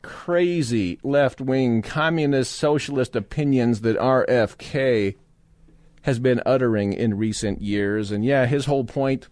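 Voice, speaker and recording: A man hosting talk radio from a dry, close-miked studio. His monologue wanders and often turns sarcastic, mocking as he goes, in a mid-pitched voice. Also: darkish tone, dry recording. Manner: sarcastic, rambling, mock-indignant asides. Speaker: radio talk show guest host. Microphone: studio microphone.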